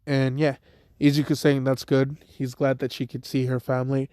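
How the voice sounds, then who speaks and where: A man's voice: medium pitch, little pitch movement, normal speed, warm tone, no room sound, studio quality. A young man casually retelling a made-up fan story, rambling with lots of filler words. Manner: rambling, heavy "like" and "type shit" fillers.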